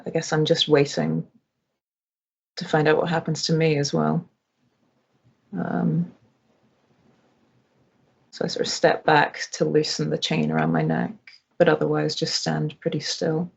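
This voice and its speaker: A woman's voice: deep voice, unhurried, creaky, pauses often, slightly rough, lo-fi sound. A woman player describing her character's actions in a tabletop game, hesitant and weary. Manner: hesitant, tired. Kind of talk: in-character role-play narration.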